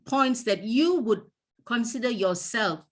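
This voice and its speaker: A fairly high-voiced woman leads an online workplace-skills workshop over a video call. She talks in an animated way and slips into little acted-out scenes as she coaches. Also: slow. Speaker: workplace assertiveness trainer.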